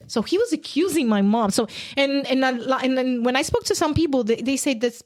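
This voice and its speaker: A woman guest on a podcast, telling a personal story in an earnest, halting way with many restarts. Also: high voice, expressive, darkish tone.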